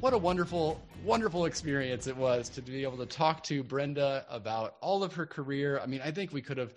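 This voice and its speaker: A man's voice: medium pitch, expressive, brisk. Brief: male podcast host, gushing and upbeat, faint music bed. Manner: effusive, enthusiastic. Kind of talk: podcast interview wrap-up.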